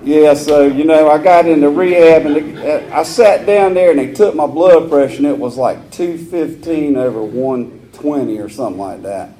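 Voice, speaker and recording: A man's voice: on the high side, moderate pace, few pauses, dark tone. A man telling his personal recovery story at a meeting, in a candid, earthy way. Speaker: AA speaker. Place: meeting hall.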